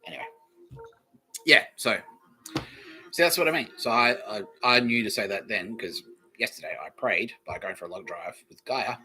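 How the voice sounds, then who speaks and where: A man's voice: lowish voice, moderate pace, long pauses, sharp tone, rough recording. An Australian man hosting a podcast, rambling casually with plenty of swearing and chuckles. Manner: profane, meandering, chuckling. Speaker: podcast host.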